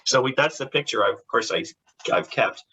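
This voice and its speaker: A man with a husky, slightly breathy voice and a sharp, bright edge to it, giving a casual interview as a comic book artist. He rambles through his anecdotes, restarting sentences and laughing as he goes, and briefly puts on the voices of the people he describes. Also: mid-range voice, a little fast, low-quality recording.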